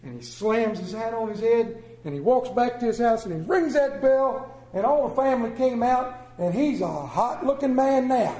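A pastor who tells stories emotionally in a church sermon, swinging from hushed to booming. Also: male voice, lively intonation, moderate pace, few pauses. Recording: roomy church echo.

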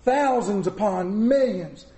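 A middle-aged pastor preaching a sermon in a church, animated and mixing comic asides with scripture. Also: male voice, high-pitched, slow, roomy sound. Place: church sanctuary.

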